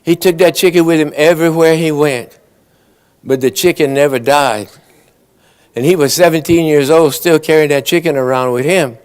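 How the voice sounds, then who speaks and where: A folksy storyteller with a Cajun Louisiana accent spins tall tales in an easygoing drawl. His voice sits a little high for a man. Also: normal speed, clean tone. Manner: folksy joke-telling drawl. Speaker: storyteller at an awards banquet. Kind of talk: comic storytelling.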